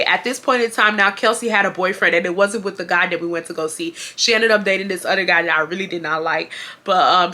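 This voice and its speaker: A woman, telling a casual storytime and acting out the quotes in slang. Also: medium pitch. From Houston, Texas. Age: 20s. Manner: animated, acts out quotes with slang. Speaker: YouTube storyteller.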